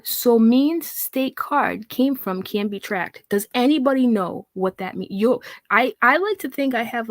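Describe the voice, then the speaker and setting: A woman's voice: mid-range voice, no echo. A woman giving a sarcastic, mocking commentary rant, reading out comments with scorn and swearing freely. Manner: mocking, profane, reads comments aloud in a scornful tone. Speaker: commentary vlogger.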